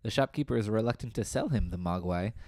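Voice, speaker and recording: A man's voice: lowish voice, lively intonation, fast talker, darkish tone, dry recording, clean studio sound. Teasing young man co-hosting a podcast. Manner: teasing, laughs often. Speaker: podcast co-host. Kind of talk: casual podcast banter.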